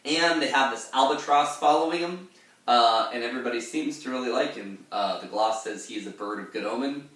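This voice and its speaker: A man's voice: medium pitch, brisk, a bit bright. A man casually explaining a poem line by line in a chatty, digressive way. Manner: chatty and digressive, many "uh" fillers. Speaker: poetry teacher. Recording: very echoey room, far from mic.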